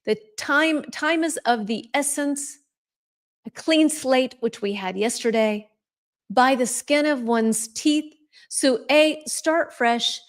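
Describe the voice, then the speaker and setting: A woman's voice: high voice, slow. A middle-aged woman teaching English on a live stream, chatting casually and answering viewer comments as she goes.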